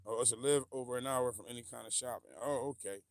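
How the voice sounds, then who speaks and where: A gravelly man with rambles through a casual livestream, animated and easily sidetracked, laughing as he reads viewer comments. His voice is dry and close to the mic, with no room sound. It sits at an ordinary pitch for a man. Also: quick pace, dry recording. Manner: rambling and animated, loses his train of thought, laughs often. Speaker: livestream host.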